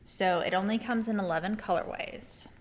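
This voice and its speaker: A woman's voice: mid-range voice, normal speed, a little hiss or hum. A woman co-hosting a casual knitting chat in a yarn shop, chatty, with lots of ums and laughter.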